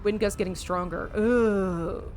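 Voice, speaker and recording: Her voice is medium-pitched and darkish in tone, moving at a slow pace over a little hiss or hum. During a live game stream, this American woman dramatically reads the on-screen text and talks casually with her audience, the occasional swear slipping in.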